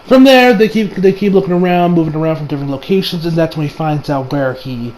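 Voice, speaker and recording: A man's voice: fairly high pitch, quick pace, darkish tone, a little hiss or hum, poor audio. A man reviewing an anime episode in a casual, rambling recap, full of fillers and restarts.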